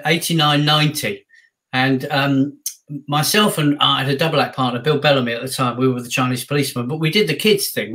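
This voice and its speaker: A man telling a show anecdote as a guest, animated and acting out the voices he quotes. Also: mid-range voice. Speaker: guest actor. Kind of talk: casual anecdote.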